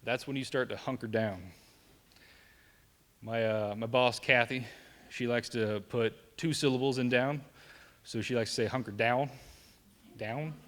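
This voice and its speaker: A man's voice: medium pitch, steady tone, a little slow, pauses often, fairly bright tone. A young man with a Southern accent gives a live safety presentation, joking with the crowd and checking in with "right?". His voice sits in an ordinary middle register. A long reverb from the large hall trails behind his words. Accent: Southern American. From American South. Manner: joking, conversational, asks the room "right?".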